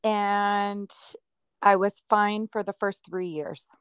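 A woman guest talks openly about her own experience in a relaxed chat. She laughs easily, and her voice sounds dry and close, with no room echo. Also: medium pitch, slow, smooth. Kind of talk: casual chat.

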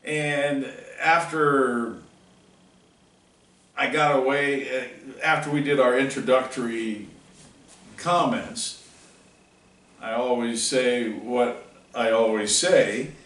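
A man's voice: mid-range voice, takes it slowly, long pauses, fairly bright tone. A middle-aged man teaching a catechism class, telling a folksy, earnest story. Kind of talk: catechism class talk with personal anecdote. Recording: roomy, mic far off.

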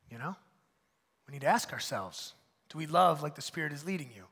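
A high-voiced man with a gravelly edge preaches in a church, bright and forceful in his delivery. He swings from loud bursts to hushed asides. His voice rings with a long hall reverb. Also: animated, brisk, pauses often. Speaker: pastor. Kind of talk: conversational sermon.

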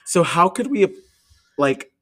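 A playful teacher co-hosting a podcast, a man with a slightly high, very lively voice. He jumps in eagerly with jokes. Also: slow. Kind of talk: casual chat.

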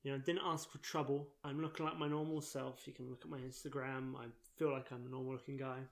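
A man's voice: medium pitch, level tone, fast talker, vocal fry. A man co-hosting a podcast, telling stories in a dry, joking way in casual chat. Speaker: podcast co-host.

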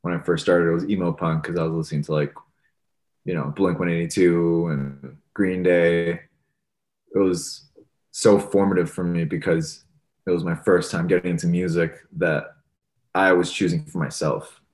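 A man's voice: deep voice, normal speed. A young man, a musician being interviewed, talking casually and rambling with lots of "like" and "you know". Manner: relaxed, rambling, many fillers like "like" and "you know". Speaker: musician guest.

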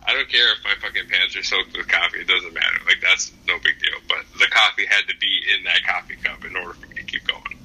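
A young man chats on a podcast in a low-pitched, very bright voice. He rambles through his story with lots of ums and swears freely. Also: fairly even intonation, quick pace, gravelly, hardly any pauses, slightly rough, rough recording. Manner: swears often, rambling with fillers. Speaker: podcast co-host. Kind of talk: casual chat, profane storytelling.

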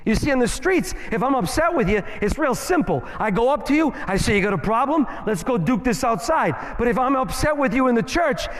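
Male guest preacher, very high voice, emphatic and playful, church hall echo. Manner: emphatic, rhythmic rhyming phrases, playful asides. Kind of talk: sermon. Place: church sanctuary. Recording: long hall reverb in church.

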